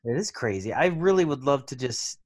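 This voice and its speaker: A man's voice: mid-range voice, lively intonation, moderate pace, a little mellow. A man co-hosting a podcast in casual chat, with a dry, teasing manner. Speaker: podcast co-host.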